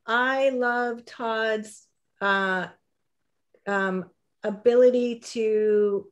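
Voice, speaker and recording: A woman speaking as an interview guest, lively and quick with laughing asides. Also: fairly high pitch, lo-fi sound. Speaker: guest, copywriter. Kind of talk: casual interview.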